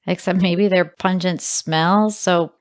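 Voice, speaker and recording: A woman co-hosting a podcast in a small studio, speaking in animated casual chat with mock indignation. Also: fairly low pitch, takes it slowly. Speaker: podcast co-host.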